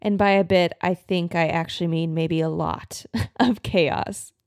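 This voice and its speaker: Earnest lady health podcaster, lowish voice, dry close mic, kinda stumbles and repeats words. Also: steady tone, unhurried, gravelly, no room sound. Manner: earnest, warm, repeats words when restarting. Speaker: podcast host and health practitioner. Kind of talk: heartfelt solo podcast talk.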